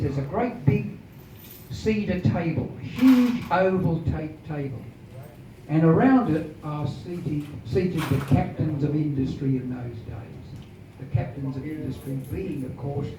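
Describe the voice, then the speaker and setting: A man telling a historical tale as an oral storyteller, in a lively, dramatic way. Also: on the high side. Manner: lively, dramatic, animated retelling. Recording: echoey, distant, dull noisy room recording.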